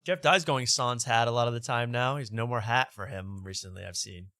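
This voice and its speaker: A male host rambles and jokes through casual banter, laughing often. His pitch sits at an ordinary middle. The sound is close and dry. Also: fairly quick, sharp tone, no echo. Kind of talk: casual comedic talk show banter.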